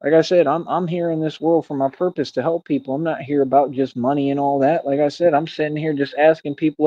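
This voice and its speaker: A man's voice: fairly high pitch, steady tone, fast talker, few pauses, warm tone, no echo. A young man rambling in a casual livestream, preachy and repetitive, calling the listener "man" and "bro". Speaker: streamer. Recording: dull, dry lo-fi stream audio.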